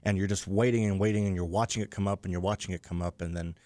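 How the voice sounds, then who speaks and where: A man's voice: low voice, fairly even intonation, fast, darkish tone, no echo. A man speaking as a guest in a radio studio, enthusiastic and chatty. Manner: enthusiastic, short affirmations. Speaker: library staff guest. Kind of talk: casual radio conversation.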